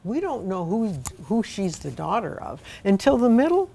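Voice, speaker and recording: A woman's voice: mid-range voice, very animated, moderate pace, creaky, warm tone. A middle-aged woman hosting a casual book discussion, chatty and asking her guest questions. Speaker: host.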